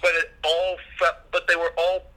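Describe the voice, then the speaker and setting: Man, laid-back podcast co-host; very bright, slightly high voice, lots of fillers. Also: moderate pace, slight background noise, low-quality recording. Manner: relaxed, filler-heavy, mildly profane. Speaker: podcast co-host reviewing a film. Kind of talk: casual chat.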